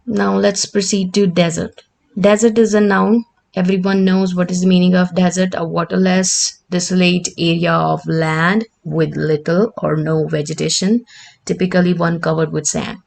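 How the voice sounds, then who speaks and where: A woman's voice: fairly low pitch, flat delivery, normal speed, creaky, darkish tone. A woman, teaching the meaning and pronunciation of word pairs and checking in often with "right?". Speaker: English teacher. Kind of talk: explanatory vocabulary lesson.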